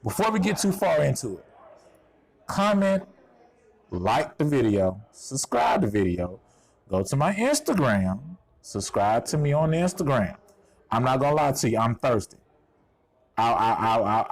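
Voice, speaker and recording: A man's voice: mid-range voice, big pitch swings, moderate pace, darkish tone, no echo. Texas guy with a southern drawl, chatty and joking about himself, outside on a clip mic. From Houston, Texas. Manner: chatty, self-deprecating, hype-driven. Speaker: TV show reviewer. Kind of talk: casual video review. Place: outdoors at a golf course. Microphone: clip-on mic on shirt.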